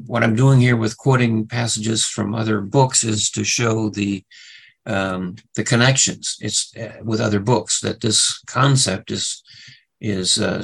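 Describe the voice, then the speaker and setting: A middle-aged man teaching a Bible study lesson, hesitant, with many fillers and restarts, who rises in pitch when he stresses verses. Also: vocal fry, a bit bright, breathy edge, low-quality recording.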